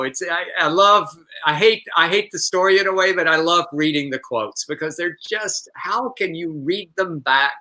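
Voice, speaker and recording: A man's voice: on the high side, bright, forceful tone, low-quality recording. A man, co-hosting a casual live-streamed talk show, chatty and prone to restarting his sentences.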